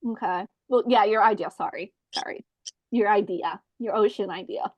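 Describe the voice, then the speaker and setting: A woman's voice: mid-range voice, normal speed, a little mellow, dry recording, rough recording. A woman co-hosting a comedy podcast, chatting playfully and reading out trip details. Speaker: podcast co-host. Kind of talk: casual comedic chat.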